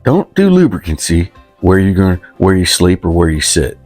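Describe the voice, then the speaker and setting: A deep-voiced man rambles through a comic monologue. He mocks himself, drifts off his point and talks about himself in the third person. Faint music plays behind him. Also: big pitch swings, moderate pace, darkish tone. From West Virginia. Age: 50s.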